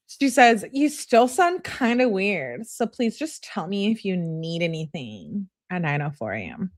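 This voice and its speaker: A woman host reading text messages aloud and commenting on them in a sassy, casual way, often laughing and talking back. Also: lowish voice. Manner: sassy, laughs and talks back to what she reads.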